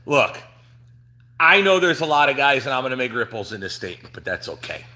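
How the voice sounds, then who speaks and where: A middle-aged man from New Jersey hosts a casual trucking livestream from his shop. His voice is bright and forceful at an ordinary pitch. He rambles, restarts sentences and fills pauses with ums and uhs. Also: big pitch swings. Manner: rambling, chatty, frequent fillers and restarts. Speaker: trucking channel host.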